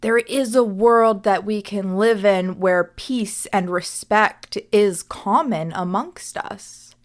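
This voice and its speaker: Young woman, solo podcast host, life coach, earnest, slow-paced, mid-pitched, reflective. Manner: earnest, repeats "right?" often.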